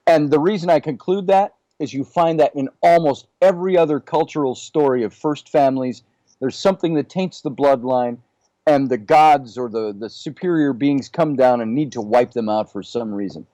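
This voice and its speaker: A man speaks as a guest on a podcast, musing through big questions one after another in a relaxed, conversational way. His voice has a warm, mellow tone and sounds dry and close, with no room echo. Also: mid-range voice, normal speed. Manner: musing, poses many questions. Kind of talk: casual discussion.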